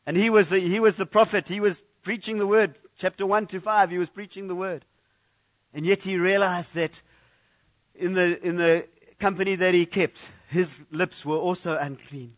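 A man with a high voice preaches a sermon in a church. He talks in a loose, conversational way, often going back to repeat a word before he carries on. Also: fairly bright tone. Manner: conversational preaching with frequent restarts and repeated words. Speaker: pastor.

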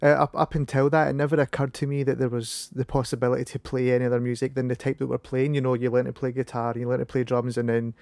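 A Scottish man in his thirties hosting a casual conversation, talking in halting phrases with many restarts. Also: mid-range voice, flat delivery, gravelly, darkish tone, dry recording. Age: 30s.

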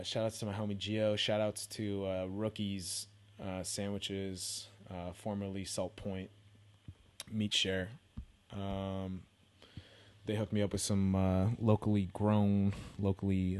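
A man's voice: low voice, a little mellow. A young man from the Bay Area hosting a casual solo podcast, rambling with lots of swearing, slang and self-deprecating asides. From San Francisco Bay Area. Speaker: podcast host.

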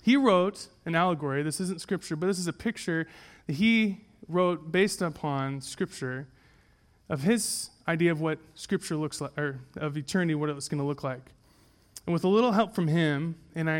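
Earnest high-voiced man preaching. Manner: earnest, emphatic repetition. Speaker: pastor. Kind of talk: sermon with read allegory. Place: church.

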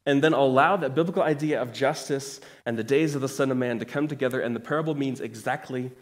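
A man's voice: mid-range voice, fast talker. A man in his thirties preaching a sermon to his church, conversational with joking asides and emphatic rises. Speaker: pastor.

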